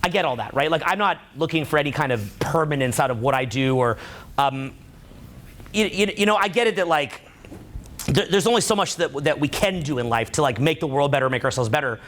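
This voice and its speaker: Rambling man, slightly high voice. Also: animated, a little fast, a bit bright. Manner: rambling, heavy use of "like" and "right?". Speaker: seminar speaker. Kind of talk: casual live seminar talk. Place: room with a live audience.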